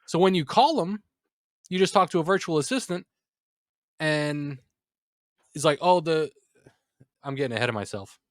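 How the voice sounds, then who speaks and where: A man's voice: mid-range voice, no echo. Podcast co-host, male, thirties, irritated storyteller, dry close-mic sound. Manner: exasperated, animated storytelling. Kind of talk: casual ranting story.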